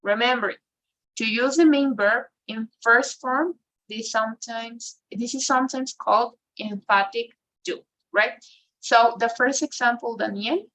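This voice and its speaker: A woman's voice: a little high, measured pace, a bit bright, poor audio. A woman teaching English grammar, often checking in with a questioning "right?" and slipping into now and then. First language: Spanish. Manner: mixes in Spanish, ends phrases with "right?". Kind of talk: online class explanation.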